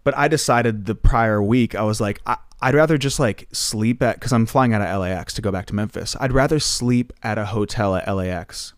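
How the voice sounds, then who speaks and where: A man's voice: fairly low pitch, fairly quick, hardly any pauses, clear, resonant tone, no room sound. Male singer guest, chatty filler-heavy storyteller, close dry mic. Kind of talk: casual anecdote telling.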